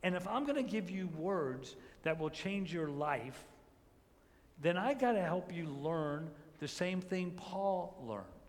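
A man's voice: sits high, expressive, slow. Preaching man in a reverberant hall. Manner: swings between hushed emphasis and loud rising peaks; repeats phrases, asks rhetorical questions. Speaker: pastor. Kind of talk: sermon.

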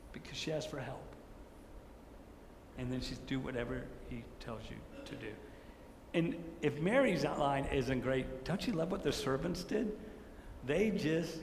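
Animated male preacher in an echoey hall. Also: high-pitched, a little hiss or hum. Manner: animated storytelling, rhetorical questions, acts out quotes. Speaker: pastor. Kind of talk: sermon. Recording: echoey hall with faint ambience.

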